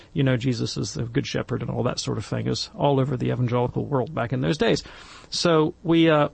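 Middle-aged male panelist, gravelly and husky, lively storyteller who acts out quotes. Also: medium pitch, no room sound. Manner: animated, acts out quoted voices. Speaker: panelist in a Catholic discussion. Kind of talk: casual storytelling and commentary.

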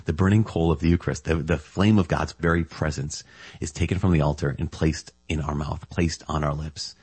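A man's voice: rumbling low, steady tone, brisk, darkish tone, breathy edge, no room sound. A man giving a casual, enthusiastic reflection on scripture as a Catholic preacher, often marvelling aloud.

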